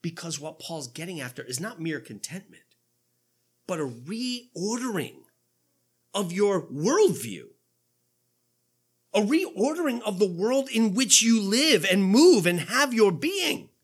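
A man's voice: high-pitched, sing-song, takes it slowly, slightly rough. A man in his fifties preaching a conversational sermon in a church, putting rhetorical questions to the congregation in an informal way. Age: 50s. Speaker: pastor.

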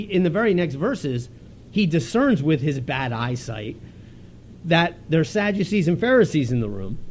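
Guy preaching a bible passage, fairly high voice that swings all over, chatty and animated, faint hiss behind him. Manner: conversational, animated retelling with quick laughs and restarts. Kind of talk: expository sermon.

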